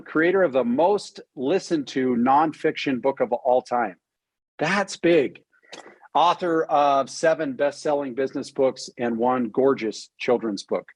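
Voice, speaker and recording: A man hosting an interview over a video call from a cabin, talking with eager, excited energy and plenty of restarts. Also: mid-range voice, no echo, rough recording. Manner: enthusiastic, with frequent restarts and fillers. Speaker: podcast host. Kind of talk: casual interview chat. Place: cabin home in Utah.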